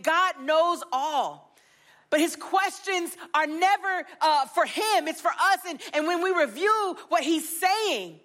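A woman preacher delivering an earnest, expressive sermon and retelling scripture with feeling. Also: very high-pitched.

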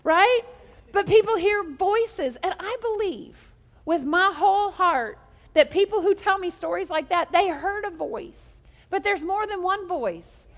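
A woman preaching a humorous sermon, animated and joking, drawing the congregation into call-and-response. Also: very high-pitched, measured pace, in a large hall.

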